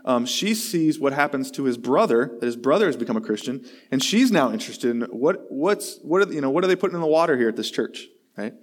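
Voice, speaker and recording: A man's voice: mid-range voice, lively intonation, a little fast, few pauses. A man, a pastor, giving a sermon in a conversational, self-deprecating way, telling a long story and acting out the voices in it.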